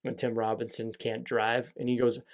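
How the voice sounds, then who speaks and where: This young adult man hosts a solo podcast, delivering a casual monologue that's candid and rambling, packed with fillers and swearing. His voice is medium in pitch with a level tone, at a normal speed.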